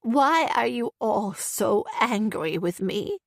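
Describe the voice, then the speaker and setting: A muddled old grandmother in an audiobook, voiced by a woman narrator, talking slowly in a wavering voice. She is cheery, but quick to feel wounded. The recording is dry and close. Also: medium pitch, lively intonation, creaky, no echo.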